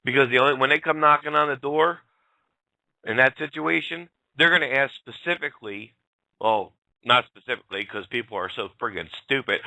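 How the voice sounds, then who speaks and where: A man with a gravelly voice hosts a talk show, blunt and fired up as he talks straight at his listeners. His voice is sharp and forceful, and the recording is very dry. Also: medium pitch, fairly quick, no room sound. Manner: blunt, fired-up, swears and addresses folks directly. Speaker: radio show host. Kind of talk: casual talk radio rant.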